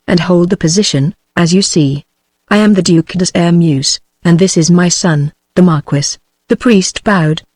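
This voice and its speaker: A text-to-speech woman's voice with a British accent, reading a novel aloud in a steady, machine-even audiobook narration. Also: fairly low pitch, no room sound. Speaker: audiobook reader.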